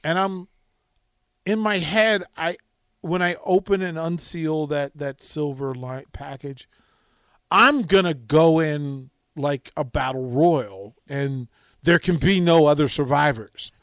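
A male radio host telling stories in casual call-in chat, swinging from loud to hushed. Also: fairly high pitch, slow, dry recording, studio quality. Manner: animated storytelling, dramatic swings from loud to hushed.

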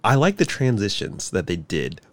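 A man's voice: lowish voice, big pitch swings, normal speed, no echo. A man co-hosting a casual chat, jokey and playful, sometimes trailing off as he reacts to a trailer. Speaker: co-host.

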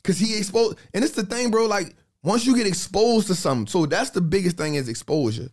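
A man in a casual podcast chat, telling stories in an animated, slangy way and repeating phrases for emphasis. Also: sits high, a little fast.

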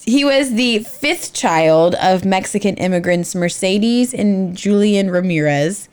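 A woman's voice: medium pitch, expressive, slow pace, darkish tone, smooth. A woman in the middle of her range reads from her notes as a podcast co-host. She trips over names now and then and jokes at her own expense, with casual, chatty banter. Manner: reads from notes, stumbles on names, self-mocking. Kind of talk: casual true-crime podcast chat.

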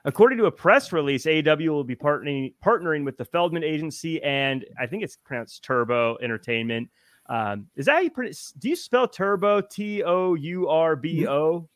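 A man's voice: on the high side, moderate pace, no echo, studio quality. A man hosting a wrestling podcast, reading news items and putting questions to his co-hosts. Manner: lively, guides the discussion with questions. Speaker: podcast host.

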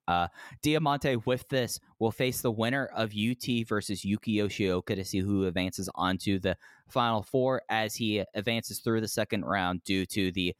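A man's voice: lowish voice, no echo, clean studio sound. A man co-hosting a podcast, speaking energetically with many fillers. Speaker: podcast co-host. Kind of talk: casual chat, wrestling review.

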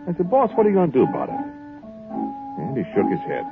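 A stammering, fretful trumpeter. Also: male voice, on the high side, huge pitch swings, quick pace. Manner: hesitant, stammering, sing-song. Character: nervous, hesitant out-of-work trumpeter. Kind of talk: old-time radio monologue. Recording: tinny old radio with faint music.

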